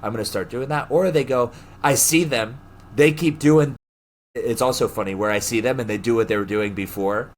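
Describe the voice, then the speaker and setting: A young man co-hosting a podcast, telling stories in casual chat, animated, laughing often and acting out the people he quotes. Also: medium pitch, normal speed. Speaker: podcast co-host.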